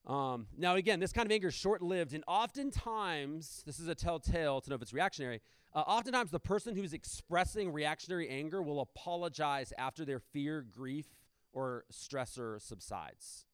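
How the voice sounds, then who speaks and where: A man's voice: on the high side, animated, normal speed, clean tone, no room sound. A man preaching a sermon as pastor, in a conversational manner with rhetorical questions and asides.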